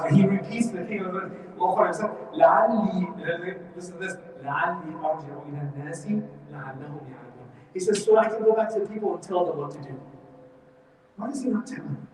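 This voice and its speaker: A man teaching a Quran study class, telling the story in a lively way and acting out what the people in it say. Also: high-pitched. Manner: animated storytelling, acts out quoted speech. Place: mosque hall. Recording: echoey hall from far off.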